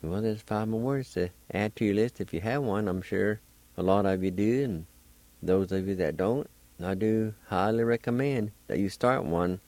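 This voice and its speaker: A man hosting a radio language lesson, spelling words letter by letter and repeating each word slowly. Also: deep voice, darkish tone, no room sound. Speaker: radio host teaching Cherokee words.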